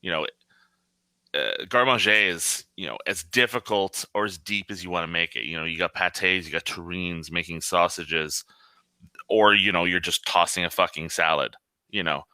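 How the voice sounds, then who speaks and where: A man's voice: low voice, moderate pace, pushed and bright, smooth, no room sound. A man who works as a line cook, talking casually and bluntly with lots of swearing and rambling asides. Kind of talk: casual podcast chat.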